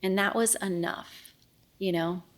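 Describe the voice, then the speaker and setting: A middle-aged woman, a news anchor, telling a personal story in an interview, earnest and often dropping to a hushed voice as she re-enacts what was said. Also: mid-range voice, steady tone, unhurried. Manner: earnest, reenacts dialogue, often drops to a hushed voice.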